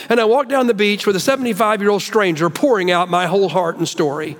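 A man's voice: high-pitched, fairly even intonation, fast talker. A man preaching a sermon as a pastor, telling a personal story in an earnest, emotional way. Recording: long hall reverb.

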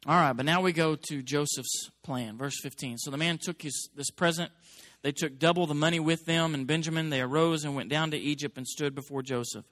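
Animated high-voiced male preacher. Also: a little fast, no echo, clean studio sound. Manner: animated preaching, rising to emphatic peaks. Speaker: pastor. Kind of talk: sermon.

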